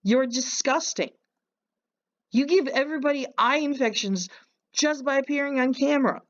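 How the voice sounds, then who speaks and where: A woman's voice: sits high, normal speed, muffled recording. A woman hosting a reaction video, mocking and insulting the person on screen with sarcastic commentary.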